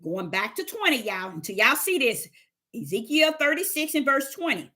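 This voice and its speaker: A woman's voice: sits high, sing-song, moderate pace, sharp tone. A woman teaching the Bible on a livestream, emphatic and repetitive, firing rhetorical questions at her chat.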